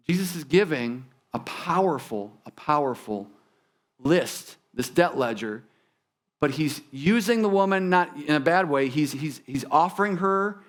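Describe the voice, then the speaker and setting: A man preaching a sermon in a church, talking conversationally and turning to the congregation with asides. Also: a little high. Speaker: pastor. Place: church sanctuary.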